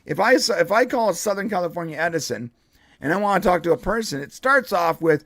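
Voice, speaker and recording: A man's voice: high-pitched, expressive, fairly quick, a bit bright, no echo, clean studio sound. A man co-hosting a live podcast stream, chatting casually in a rambling way with frequent restarts and laughs. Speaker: podcast co-host.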